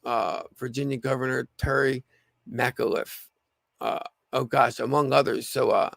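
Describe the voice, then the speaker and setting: A slightly hoarse man with a gravelly voice hosting a casual livestream, rambling with lots of fillers and restarts. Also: medium pitch, steady tone, a little slow, a bit bright, no room sound. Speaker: livestream host.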